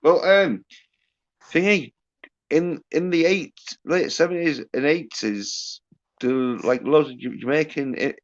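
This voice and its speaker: A man from the UK, a guest on a livestream, chatting in a halting, filler-heavy, profane way. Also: a little high. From United Kingdom. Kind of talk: casual chat. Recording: dull lo-fi stream audio.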